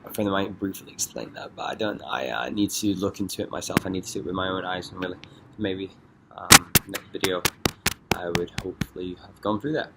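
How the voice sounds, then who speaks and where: Young male vlogger from Scotland, very low pitch, hesitant and rambling delivery. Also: fairly quick, gravelly, heavy background noise. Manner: rambling, hesitant, many fillers. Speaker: dance artist vlogger. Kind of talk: casual vlog. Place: London.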